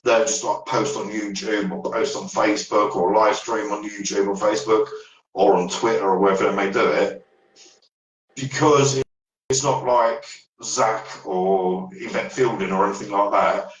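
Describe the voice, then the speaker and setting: Ghost stories come from a paranormal investigator guest on a podcast, who rambles, trails off, and begins again. His deep voice stays steady in tone at normal speed, captured from afar in an echoey room.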